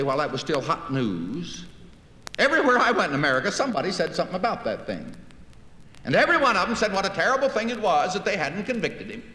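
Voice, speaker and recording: A man's voice: mid-range voice, a bit bright. A man giving a public speech in a folksy storytelling manner, acting out conversations as he tells them. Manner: folksy storytelling, acts out dialogue. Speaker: public speaker. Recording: echoey hall recording with faint hiss.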